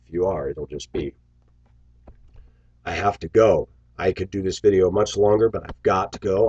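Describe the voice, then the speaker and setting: A man's voice: low-pitched, darkish tone, slightly rough, dull audio. A man vlogging to his viewers in a bitter, sarcastic, preachy rant. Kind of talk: ranting to camera.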